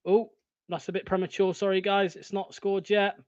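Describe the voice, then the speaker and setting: A young man hosting a live football watchalong, swearing often and swinging from excited shouting to deflated muttering. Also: sits high, normal speed, no room sound, highs cut off. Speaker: fan watchalong host.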